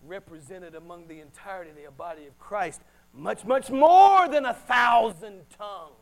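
A middle-aged man preaching a sermon as a pastor, swinging between hushed and loud delivery. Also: a little high, rough recording.

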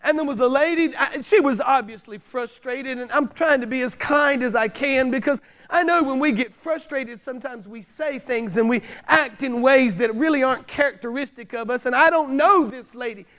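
High-voiced preaching man. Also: moderate pace. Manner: preacherly, repeats key lines for emphasis, bursts of loud emphasis. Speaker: pastor. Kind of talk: sermon.

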